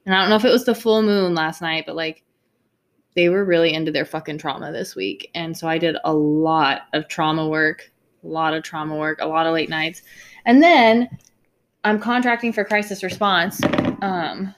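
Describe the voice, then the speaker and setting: A woman's voice: deep voice, moderate pace. A woman in her thirties chatting casually, wry and weary, swearing often. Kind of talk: casual chat.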